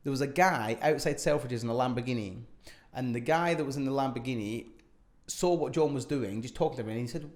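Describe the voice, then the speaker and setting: A man's voice: mid-range voice, fast talker. A man co-hosting a casual podcast, telling stories and giving numbered tips on property investing. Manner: storytelling, gives numbered tips.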